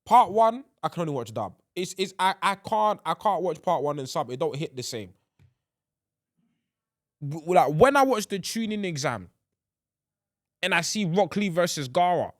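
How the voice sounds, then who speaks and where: Animated man rambling on a podcast. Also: fairly high pitch, moderate pace, pauses often, no room sound, clean studio sound. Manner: animated, rambling, restarts sentences often. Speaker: podcast host. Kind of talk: casual solo podcast chat.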